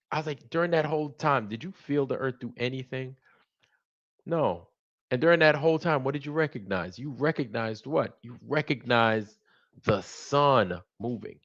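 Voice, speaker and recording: Animated man telling a story. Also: mid-range voice, dull audio. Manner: animated storytelling, acts out both sides of conversations. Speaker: livestream host. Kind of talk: casual monologue.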